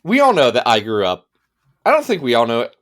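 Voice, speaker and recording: Animated, playful man co-hosting a podcast. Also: medium pitch, fairly quick. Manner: playful, self-mocking, animated. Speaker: podcast co-host. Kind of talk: casual comedic chat.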